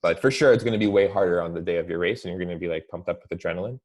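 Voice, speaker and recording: A young man with a very low voice chats casually as a guest on a talk show. He talks in a relaxed, rambling way and leans on "like" at nearly every turn. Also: rapid-fire. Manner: relaxed, heavy use of "like" fillers. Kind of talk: casual chat.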